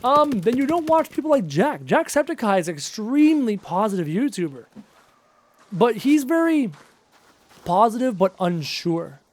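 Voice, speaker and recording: Upbeat high-voiced gaming streamer, a man. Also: sing-song, normal speed. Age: around 30. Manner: upbeat, chatty, answers viewer questions. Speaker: gaming livestreamer. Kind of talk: casual live-stream chat while playing.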